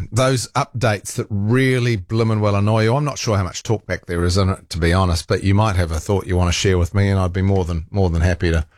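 Kiwi male talkback host, self-mocking and rambling, slightly low voice, close dry mic. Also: dry recording. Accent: New Zealand. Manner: chatty and self-mocking, with frequent fillers and laughs. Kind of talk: casual radio monologue. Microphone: studio microphone.

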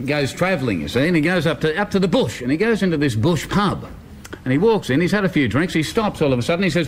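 A man's voice: a little high, very animated, a little fast, a little hiss or hum. A man on radio, spinning a long joke and laughing as he tells it. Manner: laughs through his story, does loud woo calls. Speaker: radio guest telling a joke. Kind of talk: yarn-spinning joke telling.

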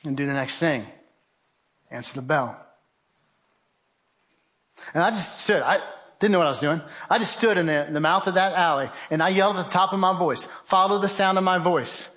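A man's voice: fairly high pitch, fairly quick, pauses often, fairly bright tone. A man giving a vivid, urgent testimony talk, telling a survival story with remarks of faith. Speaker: guest speaker.

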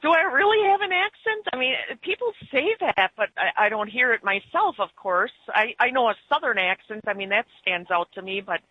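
A woman's voice: on the high side, very animated, brisk, hardly any pauses, slightly rough, no room sound. Upper midwest lady calling into a radio show, chatty and opinionated, kinda muffled dry phone sound. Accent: Upper Midwest American. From Germany, raised in Wisconsin. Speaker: caller. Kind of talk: casual radio call-in chat.

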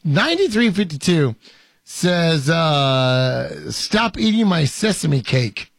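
A man's voice: a little high, very animated, slow pace, creaky, dry recording, clean studio sound. A man hosting a show, reading viewer comments in casual banter, hesitant with many fillers and playfully pompous. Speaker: host.

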